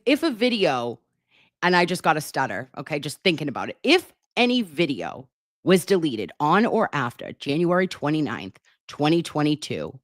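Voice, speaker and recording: A woman's voice: low-pitched, dry recording, studio quality. A woman hosting a casual trial recap, emphatic and profane as she talks. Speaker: commentary host.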